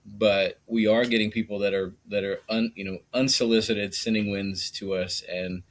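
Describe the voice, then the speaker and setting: A man's voice: lowish voice, level tone, normal speed. A man co-hosting a podcast in casual chat, easygoing, laughing often and restarting his sentences. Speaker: podcast co-host.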